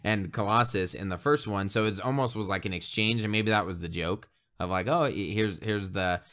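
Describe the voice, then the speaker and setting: A man's voice: on the low side, moderate pace, fairly bright tone. A man co-hosting a casual, spoilery movie review. He rambles, often restarts his sentences and laughs a lot.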